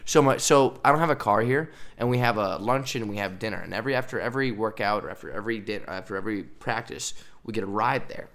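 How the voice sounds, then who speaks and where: A young man in his twenties hosting a podcast, talking fast and excitedly, rambling through stories and laughing often. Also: lowish voice. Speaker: podcast host. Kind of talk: casual podcast chat.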